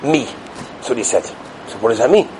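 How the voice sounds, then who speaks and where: A man giving a Torah sermon as a rabbi, animated and swinging between loud stresses and hushed asides. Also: mid-range voice, fast talker, slight background noise.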